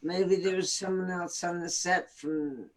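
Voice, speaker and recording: A woman from the Bronx with a New York accent, chatting slowly and laughing easily as a guest actress on a live video chat. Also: on the low side. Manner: slow, relaxed, laughs easily.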